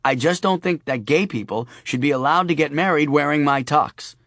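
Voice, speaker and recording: A man's voice: fairly high pitch, moderate pace, a bit bright, no echo, pitched above the performer's own voice. A male narrator voicing a worried young father with wry, earnest humor, recorded dry and close.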